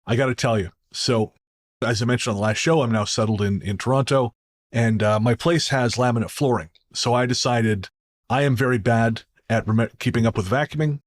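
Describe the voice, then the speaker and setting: A man's voice: medium pitch, steady tone, a little fast. A man hosting a podcast in a casual, joking, storytelling way. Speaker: podcast host.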